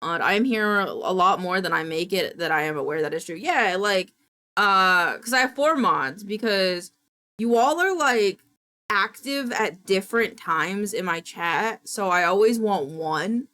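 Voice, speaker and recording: Lively, chatty woman streamer. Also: medium pitch. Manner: animated, quick to laugh and apologize, chatty. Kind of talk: casual live-stream chat with viewers.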